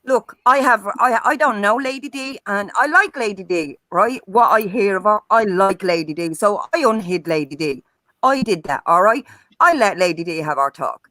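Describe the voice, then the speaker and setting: A woman's voice: medium pitch, lively intonation, moderate pace, pushed and bright, dry recording, low-quality recording. A woman on a live-stream panel, talking bluntly and heatedly and swearing often. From Ireland.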